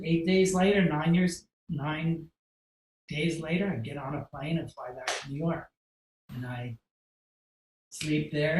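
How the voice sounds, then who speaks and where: A man, a podcast guest, telling a story in casual, animated style, acting out quotes and swearing freely. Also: on the high side. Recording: roomy echo.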